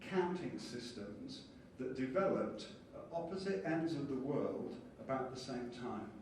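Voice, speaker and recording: A man giving a lively conference lecture and explaining ideas with small acted-out scenes. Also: mid-range voice, a little slow, a little hiss or hum. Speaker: conference speaker. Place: conference hall. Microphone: distant from the mic. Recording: echoey hall from far off, faint ambience.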